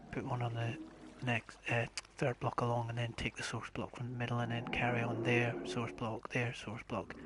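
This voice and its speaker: A man streaming a building game live, talking himself through his plans in a low-key, methodical way. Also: heavy background noise. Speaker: gaming streamer. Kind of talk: live gameplay commentary.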